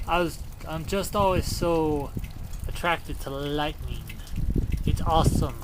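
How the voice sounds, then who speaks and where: A man filming a storm from under a shelter, giving excited, profane running commentary and taunting the lightning. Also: fairly high pitch, takes it slowly. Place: outdoors under a shelter in a rainstorm. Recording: rain noise on a handheld camera. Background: rain.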